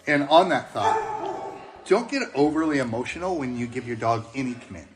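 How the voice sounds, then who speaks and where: A man in the middle of his range teaches new puppy owners, calm and steady and plain-spoken. He keeps an even, level tone, with a few fillers. Soft music sits faintly in the background. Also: mid-range voice, normal speed. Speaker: dog trainer. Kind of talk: instructional talk to camera.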